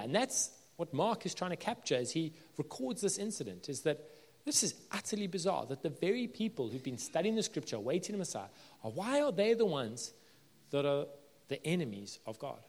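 Male pastor, sermon delivery, emphatic swells then quiet drops; slightly raised pitch, big reverberant hall. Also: sing-song, fairly quick. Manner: earnest, builds to emphatic peaks then drops low.

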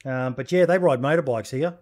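A laid-back Australian man co-hosting a casual chat. He rambles and swears freely, with plenty of fillers, at an ordinary mid pitch. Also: a little fast, darkish tone. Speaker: podcast co-host.

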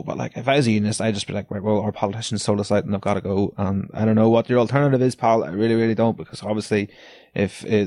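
Guy ranting on his podcast, lowish mellow voice, swears constantly, dry sarcastic laughs. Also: dry recording. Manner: sweary, sardonic, laughs between lines. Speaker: podcast host. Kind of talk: casual solo rant.

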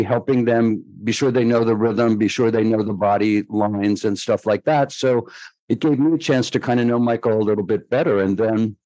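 An older man, a guest choreographer, telling stories in a chatty, animated way and laughing along. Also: mid-range voice, no room sound, rough recording. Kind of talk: storytelling interview.

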